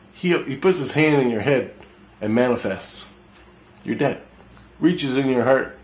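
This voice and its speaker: A man's voice: mid-range voice, roomy sound. A man telling a personal story in a casual spoken monologue, intense, profane and repeating himself. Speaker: storyteller recounting an experience.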